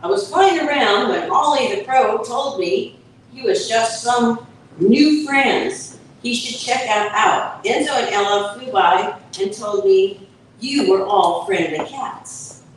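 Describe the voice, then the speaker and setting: A woman's voice: a little high, slow pace, a little hiss or hum. Woman reading as a cheerful talkative seagull, storybook, echoey hall, distant mic. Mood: friendly. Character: friendly male seagull visiting new friends. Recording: echoey event hall from far off.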